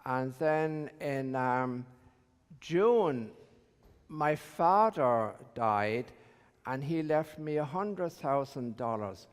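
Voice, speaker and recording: A man's voice: medium pitch, animated, very slow, clean tone. A man voicing a bar patron who laments his relatives' deaths in a told joke, in a long-reverb church. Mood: mournful. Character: grieving man in a bar, cheerful about inheritances.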